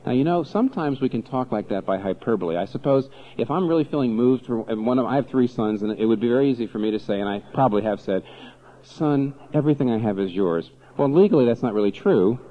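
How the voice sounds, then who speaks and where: A man preaching a sermon as pastor, animated and full of rhetorical questions. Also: mid-range voice, fast, hardly any pauses, lo-fi sound.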